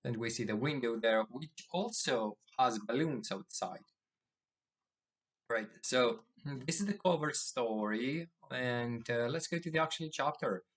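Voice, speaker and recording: A man's voice: mid-range voice, unhurried, fairly bright tone. Man casually recapping a comic chapter. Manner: summarizes plot with many fillers and restarts, reads quotes in a plain voice. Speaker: manga chapter reviewer. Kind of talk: casual recap reading dialogue aloud.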